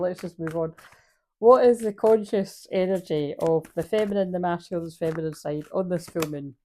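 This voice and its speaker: A woman's voice: fairly low pitch, moderate pace, warm tone. A woman giving a casual spiritual card reading, rambling, swearing freely and laughing at herself. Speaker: spiritual reader.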